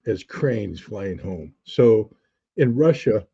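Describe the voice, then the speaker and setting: Dark, husky man reflecting. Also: on the low side, lively intonation, takes it slowly, lo-fi sound. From United States. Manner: reflective, frequent restarts and fillers. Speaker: interview guest. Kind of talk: conversational storytelling.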